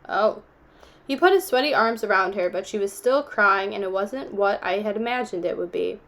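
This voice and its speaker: A woman reading a novel aloud, telling the story steadily and giving the characters gentle voices. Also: medium pitch, animated, a little fast. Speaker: audiobook reader.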